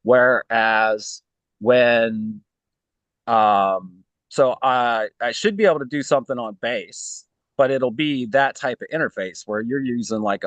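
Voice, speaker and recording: A man's voice: lowish voice, no room sound. A man in a casual online chat, thinking aloud with frequent fillers and tag questions.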